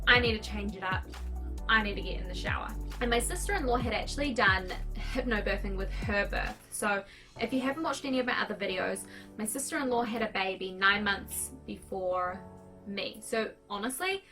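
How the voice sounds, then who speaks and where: A woman in her twenties with a New Zealand accent, candidly retelling a personal story to camera in a chatty, animated way. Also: mid-range voice. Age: 20s. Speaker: vlogger.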